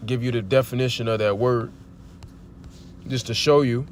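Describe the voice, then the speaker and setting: Streaming a scripture teaching near a street, this preacher speaks at normal speed in a steady, mid-range voice, with slight background noise. His style is informal: he reads verses aloud, poses rhetorical questions, and curses bluntly for emphasis.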